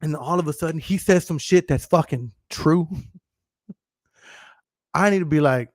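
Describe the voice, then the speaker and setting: A man in his thirties rants loosely to his livestream audience in a slightly raised pitch, cursing freely and breaking into laughs. The sound is close and dry, with no room around it. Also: moderate pace, pauses often, dry recording. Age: 30s. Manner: profane, emphatic, laughs often. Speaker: podcast host. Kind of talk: casual livestream monologue.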